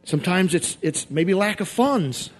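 High-voiced man preaching with shouted outbursts. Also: expressive, measured pace. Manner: swings from quiet confession to shouted outbursts; repetitive, emphatic preaching cadence. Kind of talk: sermon.

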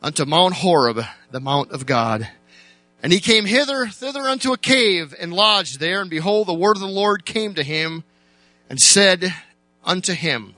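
A man preaching a sermon as a pastor, telling the story dramatically, dropping to slow, quiet words and then jumping up to loud, shouted bursts. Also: high-pitched, lively intonation, no room sound.

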